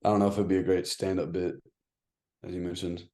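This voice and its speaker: A young man with a very low, mellow voice gives slow, uncertain feedback. He hedges and trails off in a laid-back, chatty way. It sounds like a casual talk between friends. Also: flat delivery. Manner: hesitant, hedging, trails off. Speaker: co-host giving feedback. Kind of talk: casual comedic critique.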